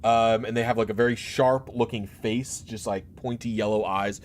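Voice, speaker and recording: A man's voice: fairly low pitch, steady tone, normal speed, a little hiss or hum. A man running a tabletop game as game master, narrating in a rambling, hesitant way with many fillers.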